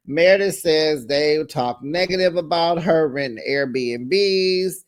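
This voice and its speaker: Sassy gossiping review host. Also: male voice, a little high, unhurried, few pauses. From United States. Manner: sassy gossipy recapping with slang. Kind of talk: casual commentary vlog. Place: home at night.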